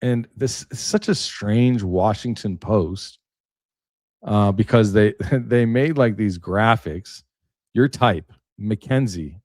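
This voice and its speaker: Guy with a lowish voice doing casual political commentary, dry close sound, jokey asides while reading stuff out. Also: takes it slowly, a little mellow, dry recording. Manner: chatty, reads articles aloud with joking asides.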